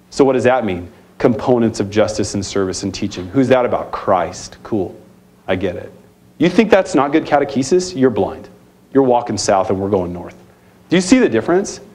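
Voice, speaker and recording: A man giving a live keynote talk at a conference, energetic and emphatic, firing off challenging rhetorical questions. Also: medium pitch. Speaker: keynote speaker at a youth ministry conference. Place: conference center hall.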